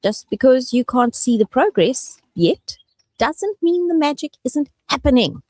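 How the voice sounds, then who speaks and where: A woman's voice: sits high, lively intonation, a little slow, darkish tone, no room sound. A woman hosting a radio show in the studio, playful and affectionate in casual chat. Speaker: radio host.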